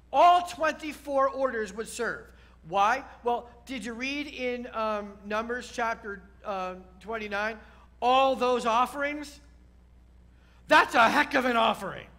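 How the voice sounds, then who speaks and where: A man's voice: extremely high pitch, pushed and bright. A man speaking as a rabbi giving a sermon, explaining step by step and often checking in with his listeners. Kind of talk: sermon teaching.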